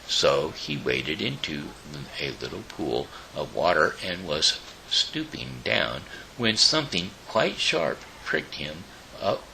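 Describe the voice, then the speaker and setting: A man hosting his own show, reading a children's storybook aloud in a halting way with small slips. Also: extremely low pitch, gravelly, sharp tone, slight background noise, rough recording. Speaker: show host.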